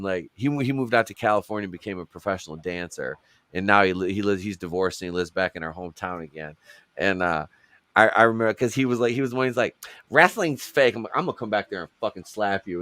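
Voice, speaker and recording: A man's voice: lowish voice, a bit bright, no room sound. Guy rambling and swearing on a podcast, acting out stories, dry close sound. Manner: rambling, swears a lot, acts out quotes. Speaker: podcast co-host. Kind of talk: casual profane chat.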